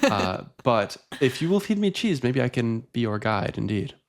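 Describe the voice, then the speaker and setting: A man's voice: mid-range voice, very animated, moderate pace. A man voicing a tiny rat with pigeon wings that speaks formally and courteously. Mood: polite.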